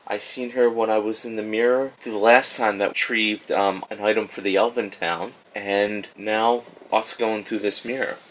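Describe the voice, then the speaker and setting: A man's voice: on the low side, steady tone, moderate pace, few pauses, a little hiss or hum, poor audio. A man playing a tabletop game, calling out rolls and reacting with short exclamations. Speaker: player. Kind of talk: casual tabletop play.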